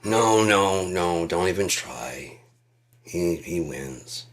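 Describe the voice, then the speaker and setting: A man's voice: deep voice, animated, takes it slowly, fairly bright tone. A man delivering a sarcastic, profane comedic rant.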